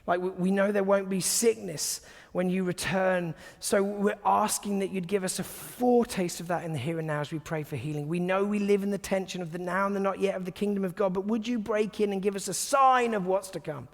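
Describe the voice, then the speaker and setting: A man giving a sermon to a congregation, conversational and humorous, often dropping to soft, hushed tones. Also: high-pitched, fairly even intonation, a little fast, hardly any pauses, in a large hall. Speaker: guest preacher. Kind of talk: sermon with personal stories.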